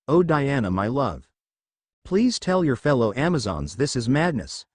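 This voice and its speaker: A mighty demigod husband begs to be believed, read by a man. The delivery is animated and earnest, and the recording is dry and intimate. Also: mid-range voice, a little slow, slightly rough, dry recording. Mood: pleading. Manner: pleading earnestly. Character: proud pleading demigod hero husband.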